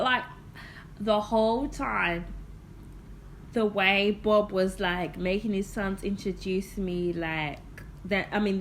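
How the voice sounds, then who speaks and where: A young woman vlogger telling a personal story in an animated, expressive way, laughing often. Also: medium pitch, slight background noise. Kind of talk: storytime vlog.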